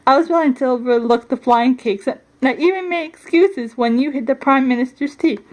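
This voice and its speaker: A strict, proper royal aunt who scolds sternly, voiced by a woman in a homemade doll storybook. Her voice stays high despite the sternness. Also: a little fast, darkish tone, lightly acted, poor audio. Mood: scolding. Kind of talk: storybook doll play reading.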